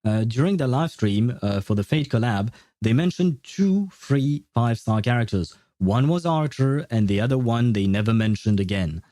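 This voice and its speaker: A man's voice: medium pitch, expressive, moderate pace, few pauses, warm tone, no room sound. A man streaming a game, chatting casually and thinking aloud with many fillers and restarts. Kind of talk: casual livestream chat.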